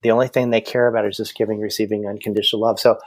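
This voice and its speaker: A man working as a medium appears as a podcast guest over a video call from home, telling stories in a chatty, casual conversation and often repeating his words. His voice is fairly low with little pitch movement, rapid-fire, with no echo.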